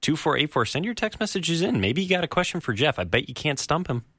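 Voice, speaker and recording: A man's voice: on the high side, very animated, fast, fairly bright tone, husky, dry recording, studio quality. A male radio producer chiming in on air, upbeat and reading out the call-in number.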